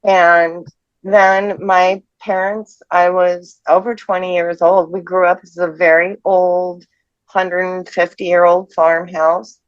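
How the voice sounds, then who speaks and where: A tearful woman in her fifties telling a personal ghost story in a halting, emotional way. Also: on the low side, level tone, no echo. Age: 50s. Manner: halting, emotional, restarts mid-sentence. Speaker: person sharing a ghost experience. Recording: dull lo-fi dry audio.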